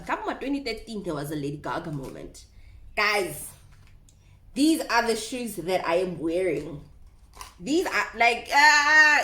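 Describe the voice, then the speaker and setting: A woman in her twenties telling a casual storytime vlog, animated and dramatic. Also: lowish voice. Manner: animated, dramatic, mixes in Setswana phrases. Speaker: vlogger.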